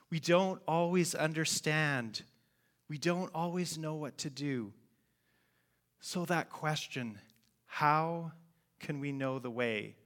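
A man's voice: on the high side, a bit bright. A man preaching a sermon, telling a personal story in an earnest, heartfelt way. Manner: earnest, heartfelt, slow and deliberate.

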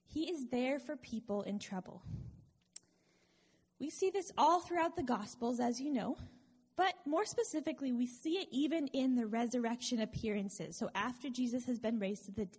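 Breathy woman preaching in a reverberant hall. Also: a little high, a little mellow. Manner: conversational, earnest, wry asides. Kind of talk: sermon.

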